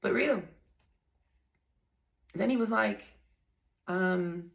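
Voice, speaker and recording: Blunt gravelly woman telling it straight. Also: mid-range voice, takes it slowly, pauses often. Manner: blunt, profane, emphatic storytelling. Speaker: vlogger telling her divorce story. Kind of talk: casual monologue to viewers.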